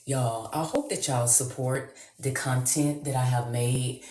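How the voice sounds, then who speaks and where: A woman vlogging, chatty and animated, talking straight to her viewers. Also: very deep voice, measured pace, roomy sound. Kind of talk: excited vlog chat.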